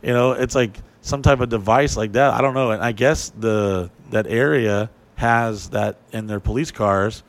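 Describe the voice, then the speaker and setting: A man casually telling a story, animated and profane, acting out what people said in a raised voice. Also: lowish voice, normal speed, hardly any pauses.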